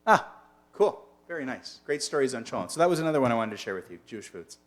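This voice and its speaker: A man's voice: mid-range voice, very animated, fast. A man teaching as a rabbi in a casual online lunch-and-learn, chatty and digressive, often asking his listeners questions.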